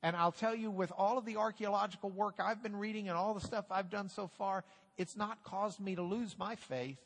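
A middle-aged man teaching a Bible class in a lively, joking, casual way. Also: high voice, brisk. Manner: lively, jokey, animated letter drills. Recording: hall reverb.

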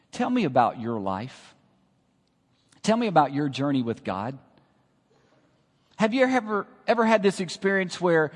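In a big-room sound, a man with a high-sitting voice preaches a sermon, swinging between hushed lines and loud calls. He asks the congregation to repeat after him.

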